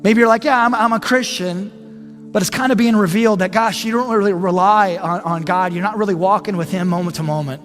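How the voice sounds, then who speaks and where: Earnest man, high voice, halting sermon and prayer over music. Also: long reverb tail. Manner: earnest, halting with frequent repeated words. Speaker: pastor.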